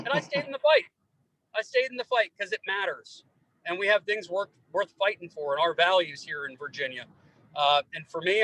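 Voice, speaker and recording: A political candidate with a high-pitched voice, captured in a low-quality recording, answers an interviewer's final question. His reply is folksy and emphatic, enlivened with anecdotes.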